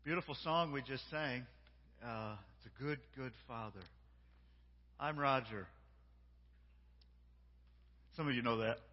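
Man, guest preacher, sermon, call-and-response, hushed to shouting, long church reverb, muffled sound. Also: mid-range voice, normal speed. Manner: swings between hushed and shouting. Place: large church sanctuary.

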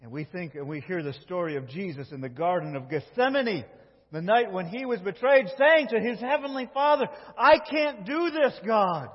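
A male pastor preaching a sermon in a church, emphatic, moving between loud and hushed delivery. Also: high-pitched, animated, a little fast, slightly rough. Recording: dull lo-fi with long hall reverb.

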